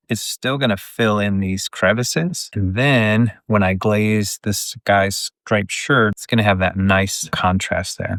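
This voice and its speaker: In his pottery studio, a middle-aged male pottery teacher chats casually through a glazing demonstration while he works, relaxed and talkative. His voice is lowish, with no echo.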